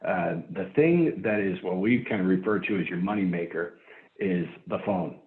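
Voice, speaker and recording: A man's voice: low-pitched, moderate pace. A man talking earnestly as a guest in a casual interview. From Ohio. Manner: earnest, animated when acting out phone calls. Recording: tinny phone-like line.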